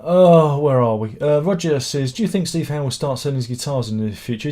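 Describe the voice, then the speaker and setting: A man's voice: mid-range voice, brisk, warm tone. A middle-aged man hosting a live stream, reading out viewer comments and answering them with rambling, exclamatory chatter and swearing. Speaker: channel host.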